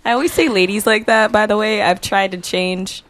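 A woman's voice: mid-range voice, normal speed, fairly bright tone. Playful young woman radio co-host. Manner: playful, teasing, chatty. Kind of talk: casual radio chat. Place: radio studio.

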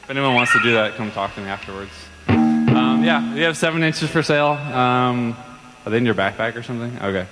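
A man's voice: medium pitch, expressive, brisk. A man fronting a band, rambling awkwardly between songs on an outdoor stage. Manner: awkward, rambling, soft-spoken. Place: outdoor stage on a campus lawn. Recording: live outdoor set with long reverb and faint guitar.

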